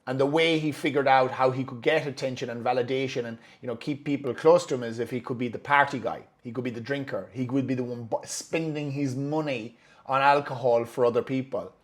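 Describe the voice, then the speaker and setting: A man tells a personal story straight to his listeners at a mid pitch. He talks candidly and swears freely. He turns emotional and voices his own past thoughts out loud. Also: fairly even intonation, a little fast. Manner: candid, profane, emotional, reenacts his inner voice. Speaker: speaker telling his story.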